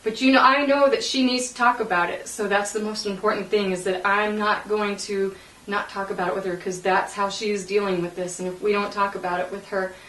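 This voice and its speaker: A woman interviewee recalling a painful memory, halting and emotional, with many fillers and laughing through tears. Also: medium pitch, fairly even intonation, fairly bright tone. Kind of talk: personal recollection in an interview. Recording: roomy, distant mic.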